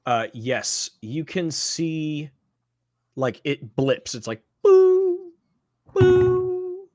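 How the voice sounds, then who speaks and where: A man's voice: mid-range voice, slow pace, dry recording. Guy running a tabletop game, chatty and easygoing, dry close mic. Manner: casual, loose, chatty narration with fillers. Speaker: game master.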